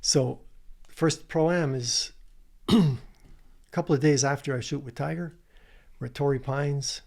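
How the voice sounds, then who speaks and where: Gravelly-voiced man telling stories. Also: mid-range voice, measured pace. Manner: animated anecdote telling, acts out quotes. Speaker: podcast guest, commercial director. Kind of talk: casual storytelling.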